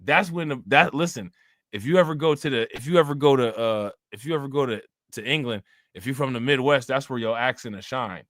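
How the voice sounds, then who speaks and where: A man's voice: mid-range voice, brisk, fairly bright tone, dry recording, studio quality. A man hosting a live stream, talking loosely and profanely, laughing often and repeating himself. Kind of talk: casual live-stream commentary.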